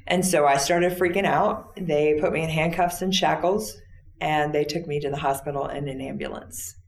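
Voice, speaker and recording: A woman interview guest retelling a personal story in a plain, halting way with fillers. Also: deep voice, steady tone, echoey room, a little hiss or hum.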